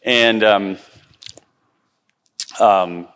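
A man's voice: lowish voice, fairly even intonation, drawn-out words, a bit bright, clear, resonant tone, big-room sound. A middle-aged man giving a chatty, self-deprecating live conference talk, with many ums and restarts. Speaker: conference speaker.

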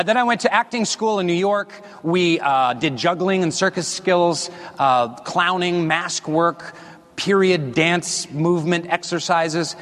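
Man giving a stage talk, a bit high-pitched, rambling and self-mocking, reverberant large hall. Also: a bit bright, slight background noise. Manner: rambling and self-deprecating, with jokes to the crowd. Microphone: wearing a body mic.

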